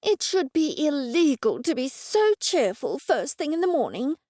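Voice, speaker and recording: Disdainful audiobook woman, narrator-read, clipped, higher, dry. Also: sing-song, moderate pace, creaky, breathy edge, no room sound, exaggerated voice. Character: haughty disdainful woman, grumpy mornings.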